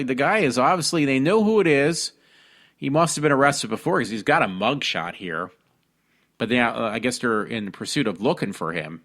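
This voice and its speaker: A man from hosting a casual talk show, reading news stories aloud and commenting on them with many ums, pauses and restarts. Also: on the high side, a bit bright. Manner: reads articles aloud with frequent ums and restarts. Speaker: podcast host.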